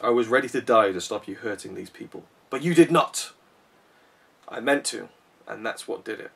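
A man's voice: on the low side, expressive, normal speed, gravelly, husky, far from the mic, full character voice. A man reading a novel aloud, voicing a defiant young wizard hero who stands up to his enemy. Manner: defiant, insistent.

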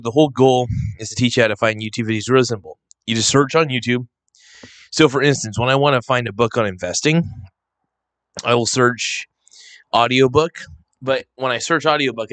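Relaxed, rambling man on a close mic. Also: medium pitch, dry recording. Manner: rambling, relaxed, with many fillers and restarts. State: slightly hoarse, coughing now and then. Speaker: vlogger. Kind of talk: casual unscripted talk to camera. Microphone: close handheld microphone.

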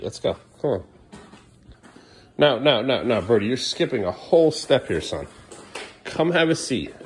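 A man's voice: mid-range voice, slight background noise. A man in his thirties, a sleepy father filming a casual family vlog at home and outside, teasing and coaxing his kids along. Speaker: father and vlogger. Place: home kitchen, then outdoors by the street.

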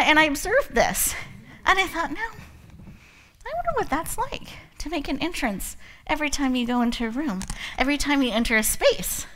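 Bright-voiced woman giving a motivational talk. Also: high voice, slight background noise. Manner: laughs often, animated storytelling. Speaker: event host and speaker. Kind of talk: motivational talk with personal stories.

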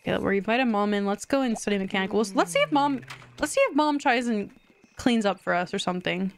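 A young woman live-streams a video game, chatting and giggling as she reacts to the action on screen. Her voice is medium-pitched and brisk, with a little hiss or hum in the recording. She lets out excited squeals when she wins.

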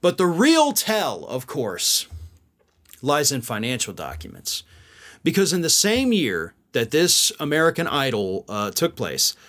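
A man's voice: mid-range voice, huge pitch swings, unhurried, fairly bright tone. A man hosting a political commentary show, talking casually to viewers with musing asides.

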